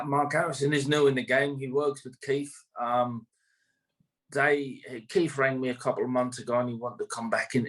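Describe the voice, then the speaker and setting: A man's voice: medium pitch, a bit bright, rough recording. A man, a greyhound trainer, talking casually in an interview, rambling with many fillers and restarts.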